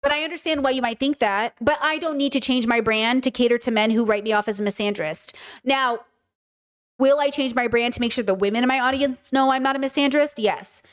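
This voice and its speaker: A young adult woman hosting a podcast, talking in an animated, casual monologue that swears freely and mimics people in quick asides. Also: fairly high pitch. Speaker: podcast host.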